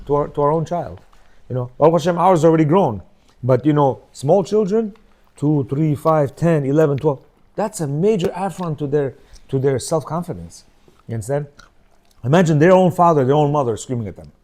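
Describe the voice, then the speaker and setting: A middle-aged man teaches in a relaxed, talky way. His voice sits fairly high for a man but sounds warm and mellow. He keeps asking "yeah?" to bring the listeners along. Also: a little fast. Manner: conversational, keeps checking in with "yeah?" and "you know"; acts out quoted speech in shifting voices. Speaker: religious teacher. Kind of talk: informal Torah lecture.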